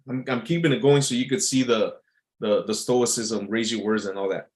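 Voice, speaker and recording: A man's voice: medium pitch, normal speed, darkish tone. A man talking in a casual, rambling monologue as an entertainer, full of fillers and restarts.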